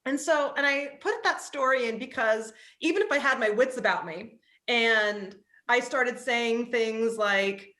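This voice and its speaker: Woman, East Coast US upbringing, interview guest. Bright, lively storytelling, heavy filler words, recorded in an echoey room. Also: fairly high pitch, unhurried, few pauses. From East Coast of the United States. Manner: animated, frequent "like" fillers. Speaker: author and psychologist, interview guest.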